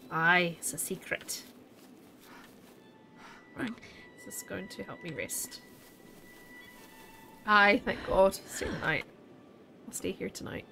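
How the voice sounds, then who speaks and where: A woman's voice: medium pitch, gravelly. Chatty woman streaming a game. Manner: chatty and animated, with a questioning lilt. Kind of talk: casual game commentary.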